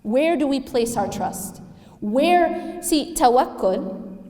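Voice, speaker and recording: A woman's voice: high voice, expressive, slow, mellow. A woman giving a religious lecture to a live audience, emphatic and asking rhetorical questions. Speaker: Islamic speaker. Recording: echoey hall with long reverb.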